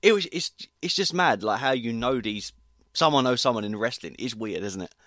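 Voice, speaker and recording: A British man hosts a casual podcast chat, recorded with a dry, close sound. He talks in an excitable way, often breaking into laughter. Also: mid-range voice, fairly quick, no room sound. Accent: British English. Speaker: podcast host.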